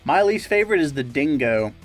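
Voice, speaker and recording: A man co-hosting a casual gaming-channel chat, telling stories and deadpan absurd jokes. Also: a little high, fairly quick, faint music behind. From Great Lakes region, US. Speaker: co-host.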